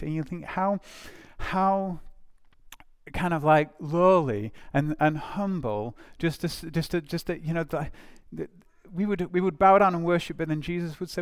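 A man's voice: on the high side, moderate pace, clean tone. Man preaching an informal sermon. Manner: informal storytelling, addresses children; conversational, many fillers and restarts. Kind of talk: sermon to a church congregation.

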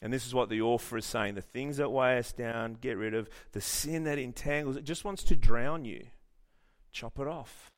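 A man preaching a sermon in church, telling stories in an animated way, joking and often restarting his sentences. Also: mid-range voice, normal speed. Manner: animated storytelling with jokes and frequent restarts. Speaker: pastor.

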